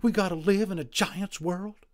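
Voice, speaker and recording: Grumpy hungry frontier cowboy, folksy and plainspoken, voiced by a man, pitched high. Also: fairly even intonation, normal speed, lightly acted.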